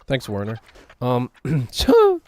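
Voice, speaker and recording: A male streamer in loose, rambling chat who mocks himself and breaks into laughter often. His voice is a middle pitch for a man. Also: huge pitch swings, slow, a little mellow, a little hiss or hum. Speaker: game streamer. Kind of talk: casual live-stream chat.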